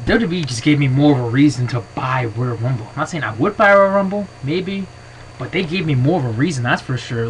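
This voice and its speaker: A man giving his opinions in a casual vlog to his camera. He rambles excitably and fills his talk with "you know". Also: fairly high pitch, slight background noise, rough recording. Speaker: wrestling vlogger. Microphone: built-in camera mic.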